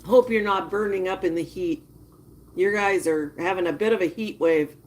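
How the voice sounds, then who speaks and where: A woman giving casual live-stream commentary, chatting with viewers and reacting with drawn-out disgust. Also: on the low side, darkish tone, a little hiss or hum. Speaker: livestreamer.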